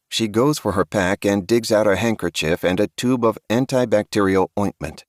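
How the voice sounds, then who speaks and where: A man's voice: lowish voice, moderate pace, hardly any pauses, dry recording, studio quality. A man reading a first-person horror audiobook with a grave, tense storytelling manner. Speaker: audiobook narrator.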